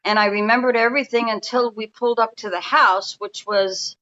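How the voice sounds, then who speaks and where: Bright-voiced New woman in her fifties. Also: a little high, steady tone, a little fast, dull audio. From New York. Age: 50s. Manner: rambling, restarts often, speaks in a confiding way. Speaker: guest energy healer. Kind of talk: casual storytelling interview. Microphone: remote call.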